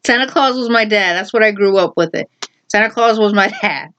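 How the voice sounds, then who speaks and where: A woman's voice: medium pitch, a little fast, a bit bright, highs cut off. Rambling woman telling a story. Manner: rambling, lots of "like", frequent laughs. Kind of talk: casual storytelling vlog.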